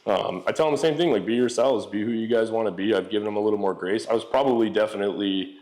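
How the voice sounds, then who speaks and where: A forties-aged man, appearing as a real estate entrepreneur on a podcast, shares candid stories in a loose, profane style peppered with "like" and "you know." His voice is lowish and somewhat dark, and he talks quickly.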